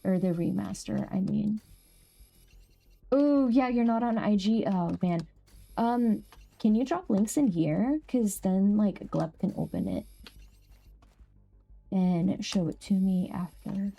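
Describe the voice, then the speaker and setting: Mellow-voiced woman streamer chatting. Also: takes it slowly, creaky, long pauses, slightly rough. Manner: chatty, laughs easily, bursts into high excited squeals. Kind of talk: casual live-stream chat.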